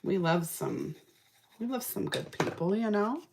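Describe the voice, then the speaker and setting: Sassy, animated woman chatting over makeup. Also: lowish voice, unhurried, vocal fry, a little hiss or hum. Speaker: makeup vlogger. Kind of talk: casual makeup-tutorial chat.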